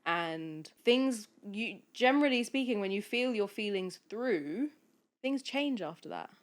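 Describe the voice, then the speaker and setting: A woman speaking as a podcast guest, a coach talking in a soft, flowing, earnest way with many fillers. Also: mid-range voice, lively intonation, measured pace. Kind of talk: casual podcast conversation.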